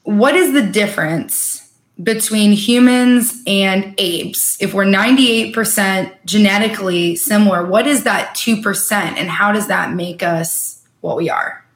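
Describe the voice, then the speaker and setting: A woman's voice: medium pitch, measured pace, reverberant. A woman podcast host asking long, earnest, enthusiastic questions. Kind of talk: interview questions.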